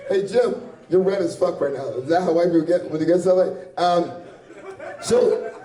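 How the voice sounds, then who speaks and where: A sweaty man works through a loose, crude stand-up set, laughing at his own jokes between lines. His voice sits high but has a mellow, dark tone. The sound is picked up from some way off, with the hard echo of a small bar. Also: moderate pace. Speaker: stand-up comedian. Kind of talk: stand-up set at an open mic. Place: small bar or club with a live audience. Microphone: handheld stage mic. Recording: echoey room from far off.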